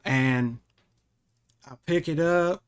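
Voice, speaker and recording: A man with a somewhat high voice tells a story on his podcast at an unhurried, drawn-out pace. He rambles and backtracks as he goes. His retelling is casual and animated. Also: clean tone. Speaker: podcast host.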